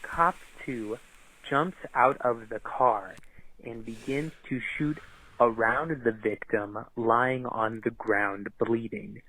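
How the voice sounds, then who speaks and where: A man on a voicemail reading a screenplay aloud in a flat monotone. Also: mid-range voice, dry recording, low-quality recording. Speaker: caller reading his script aloud.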